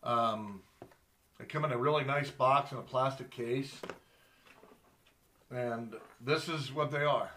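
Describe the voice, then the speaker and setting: A middle-aged man talks slowly in a bright, forward voice. He rambles in a folksy way, speaking straight to his viewers like a charter captain showing off his gear. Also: medium pitch. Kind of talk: casual show-and-tell vlog.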